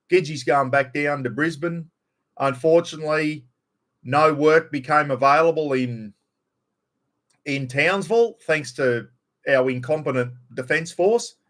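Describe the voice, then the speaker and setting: A man's voice: fairly high pitch, fairly bright tone. A middle-aged man with a broad North Queensland Australian accent, rambling bluntly and swearing freely during a casual live stream chat.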